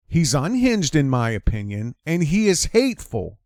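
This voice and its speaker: A man's voice: fairly high pitch, huge pitch swings, normal speed, hardly any pauses, darkish tone, dry recording, studio quality. A man hosting an opinionated commentary monologue, emphatic and repeating his lines for effect. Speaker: commentary channel host.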